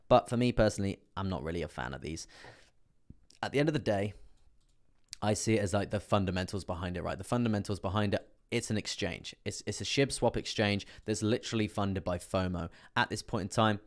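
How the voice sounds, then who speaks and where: Brief: young English man, low-pitched and monotone, relaxed chart-analysis streamer. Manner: chatty, laughs often, reads chat aloud. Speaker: crypto trading streamer.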